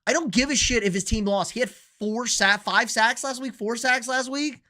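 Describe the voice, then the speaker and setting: A young man with a bright, forward voice runs a live football picks stream. He talks in a loose, rambling way and reacts to viewer chat as it comes in. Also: very high-pitched, normal speed. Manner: casual, rambling, reads and answers viewer chat. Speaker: sports show host.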